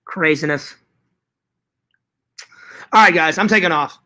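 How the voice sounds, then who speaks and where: A man's voice: a little high, measured pace, pushed and bright. Hyper, rambling man vlogger. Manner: hyper, rambling, jokingly profane. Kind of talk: casual chat to viewers.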